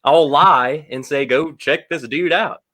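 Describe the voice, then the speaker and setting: A man's voice: fairly high pitch, unhurried, bright, forceful tone. A man joining a casual livestream chat as a guest, teasing and bantering in a playful, mock-suspicious way.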